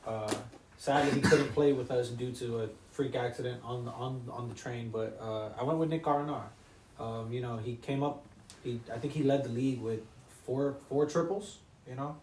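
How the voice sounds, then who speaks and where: A man's voice: medium pitch, a little mellow. Brief: casual male panelist, stop-start delivery, picked up far off in a hollow room. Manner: halting, repeats words. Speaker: podcast panelist. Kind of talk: casual banter. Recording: roomy, distant mic, faint noise.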